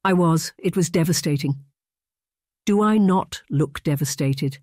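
Deadpan dry young duke, audiobook romance, narrator voicing him, close dry sound. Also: mid-range voice, a little slow, no room sound, close to an everyday voice. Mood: wry.

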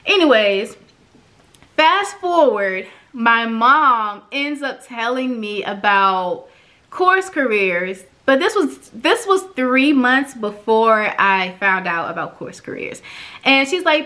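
A young woman telling her own story in a casual vlog, chatty and animated, acting out quoted dialogue, emotional and close to tears. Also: a little slow. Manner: chatty and animated, acts out quoted dialogue with big pitch jumps. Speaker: vlogger reviewing an online course.

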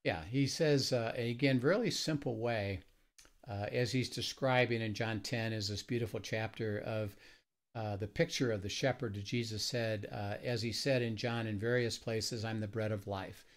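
A man hosting a conversational Bible teaching, talking with many pauses and fillers. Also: on the low side, steady tone. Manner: halting, many fillers and restarts. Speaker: ministry host.

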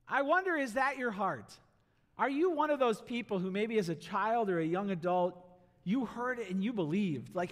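A male pastor preaching a sermon in a church, animated, asking the congregation questions and acting out voices. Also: sits high, normal speed. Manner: animated, acts out voices and asks the crowd rhetorical questions. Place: church sanctuary. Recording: long hall reverb in a church.

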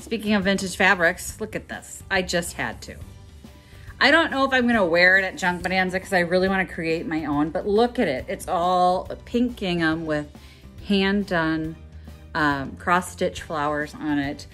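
A woman's voice: lowish voice, normal speed, a bit bright. A middle-aged woman from Minnesota, chatting in a rambling way on her own vlog and laughing often. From Minnesota, USA. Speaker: vlogger. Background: background music.

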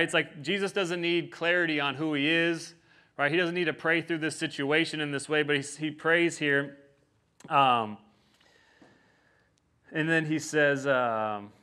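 Man, pastor, casual sermon, fairly high voice, bright and forceful tone, keeps asking "right?".

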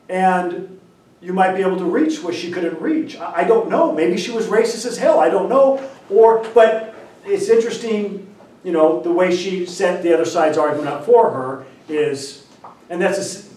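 A man's voice: sits high, far from the mic. Man lecturing in a roomy hall. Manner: animated, acts out dialogue, frequent throat clearing. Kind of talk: storytelling lecture. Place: lecture room.

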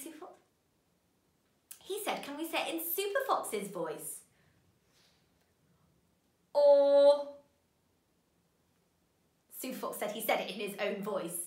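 A woman teaching a children's phonics lesson, giving bright, sing-song encouragement to young learners. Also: a little high, reverberant.

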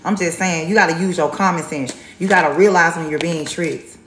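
A woman's voice: on the low side, fairly quick, a bit bright, reverberant, slight background noise. A woman giving a live tarot reading, blunt and sassy, repeating herself for emphasis. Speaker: tarot reader on a livestream.

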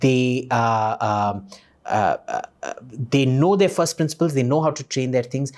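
A man's voice: medium pitch, animated, unhurried, a little mellow. A man, a podcast guest talking in a blunt, scornful and profane way. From India. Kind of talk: opinionated conversation.

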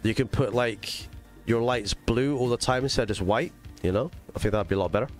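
A man's voice: mid-range voice, brisk, soft background music. A man with a mixed English and Scottish accent streaming a racing game live, chatting casually to his viewers with lots of fillers. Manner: chatty, rambling, talks to chat with fillers. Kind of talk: live gaming stream chat.

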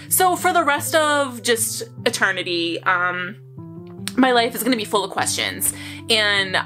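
A young woman with a bright, forceful voice talks to camera in a loose, excitable ramble, piling up fillers and breaking into laughs. Her pitch sits in an ordinary middle range. Faint music plays softly behind her. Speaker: vlogger. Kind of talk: casual storytelling to camera.

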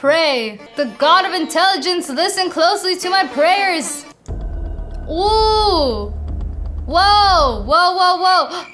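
A young woman playing a video game, excitedly commenting and reading the game's lines aloud to her viewers. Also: very high-pitched, slow pace. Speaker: gaming video host. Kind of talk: playful gameplay commentary. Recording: game music playing behind voice. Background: game music.

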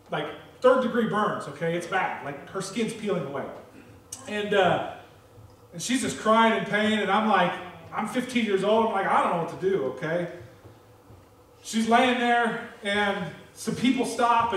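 High-voiced man preaching in an echoey church. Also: fairly bright tone, recorded from a distance. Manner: earnest, candid, repeats okay often. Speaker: pastor. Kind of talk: sermon with personal testimony. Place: church sanctuary.

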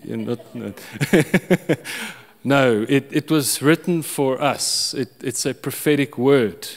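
A man preaching at an unhurried pace, telling a personal story. He restarts his sentences often and chuckles between them, and a long hall reverb trails after his voice. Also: medium pitch. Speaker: pastor. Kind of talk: sermon.

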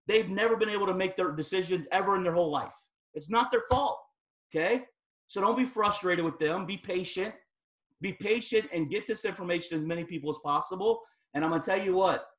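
A man with a notably high-pitched voice gives a motivational team training talk. He is emphatic and fired up, and he talks in a loose, slangy way. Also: a bit bright. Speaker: guest speaker at a sales team training.

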